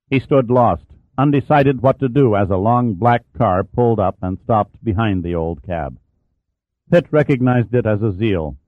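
Male audiobook narrator, low voice, measured delivery, dry tinny sound. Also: dry recording. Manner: steady, measured reading. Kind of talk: scripted narration. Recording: dry, phone-like narrow sound.

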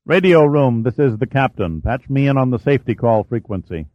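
A man's voice: mid-range voice, lively intonation, fairly quick, no room sound, natural voice. A man voicing a stern destroyer captain making clipped radio calls. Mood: commanding. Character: stern male destroyer captain giving commands. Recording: dry, slightly dull recording.

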